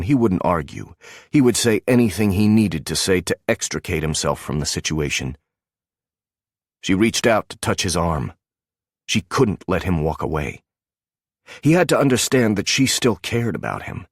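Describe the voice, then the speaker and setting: Male romance audiobook narrator, low voice, dry close-mic read, measured delivery. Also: expressive, dry recording.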